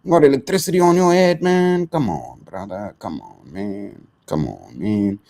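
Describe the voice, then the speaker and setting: A man's voice: on the low side, moderate pace, a little mellow. A young man ranting on a live stream, profane and exasperated, saying bro and dude constantly.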